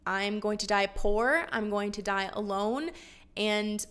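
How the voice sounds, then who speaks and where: A woman voicing an aging widowed mother-in-law who urges her daughters-in-law to leave, in a casual, joking paraphrase with loud bursts. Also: medium pitch, slow, clean tone. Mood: resigned.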